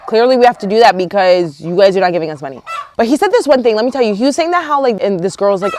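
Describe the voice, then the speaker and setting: A young woman from Canada vlogging outdoors, chatty and animated, telling a storytime with lots of quoted dialogue. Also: mid-range voice, fast talker, slight background noise. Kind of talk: casual storytime vlog. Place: outdoors near a yard with roosters and hens. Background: roosters and hens.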